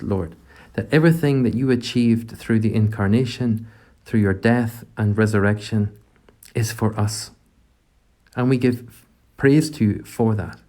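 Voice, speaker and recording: A man leading a gentle, reflective prayer meditation, speaking directly to God. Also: lowish voice.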